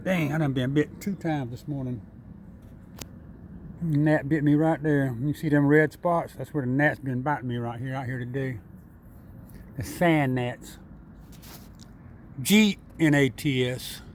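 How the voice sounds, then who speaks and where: A man chatting and coaxing a squirrel in his front yard, repeating himself in a relaxed, chuckling way. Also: mid-range voice, normal speed, a little hiss or hum. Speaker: vlogger feeding a squirrel. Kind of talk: casual talk to an animal.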